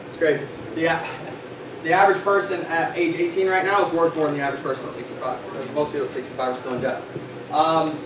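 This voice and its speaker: A man leading a sales meeting, giving an animated motivational talk to a live audience and quizzing them with questions. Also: on the high side. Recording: echoey room, far from mic, noisy.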